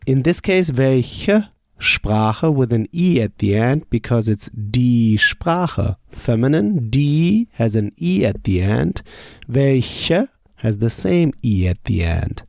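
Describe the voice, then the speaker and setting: A man teaching German verbs, asking each question, pausing, then saying the answer slowly and clearly. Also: medium pitch, darkish tone, dry recording, studio quality. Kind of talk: slow drill lesson.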